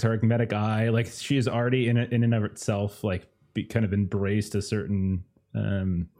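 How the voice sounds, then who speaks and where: A man's voice: lowish voice, darkish tone. A man playing a tabletop game, describing his character hesitantly as he thinks aloud. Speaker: player. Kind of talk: casual tabletop play.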